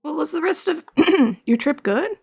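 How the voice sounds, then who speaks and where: A woman with a slightly high voice chats casually with her viewers while she sculpts. She rambles, laughs a lot and answers their messages aloud. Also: expressive, unhurried. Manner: chatty, rambling, laughs often; reads chat aloud and answers it. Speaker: art streamer.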